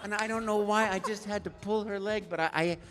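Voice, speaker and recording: Animated older man on a big stage. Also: high-pitched, brisk, background noise. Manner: animated, playful, slips into character voices. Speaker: guest voice actor. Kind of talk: live stage Q&A storytelling. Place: live stage at a convention.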